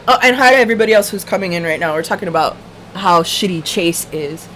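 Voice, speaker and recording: A woman's voice: fairly high pitch, fairly quick, a bit bright, slight background noise. A woman hosting a livestream, telling a story in a casual, profane, ranting way. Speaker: livestream host.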